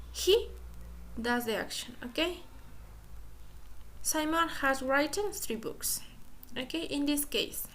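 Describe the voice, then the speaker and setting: Spanish-native woman teaching a recorded English grammar lesson, fairly high voice, very slow and deliberate, faint noise behind. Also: a bit bright. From Ecuador. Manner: slow, deliberate explaining, repeats "okay" often.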